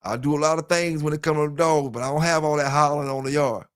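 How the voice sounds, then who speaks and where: A man's voice: fairly high pitch, fairly even intonation, fast, clean tone, dry recording, studio quality. A man hosting a casual livestream on a headset mic, rambling loosely and talking straight to his listeners. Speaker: dog kennel channel host. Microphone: headset with earphones.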